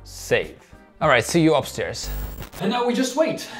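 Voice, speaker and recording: A man's voice: fairly high pitch, wildly swooping pitch, measured pace, a bit bright, faint music behind. A man whose first language is Russian, talking through a walkthrough in a casual, playful, self-mocking way. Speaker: vlogger. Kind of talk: casual screen-recording walkthrough.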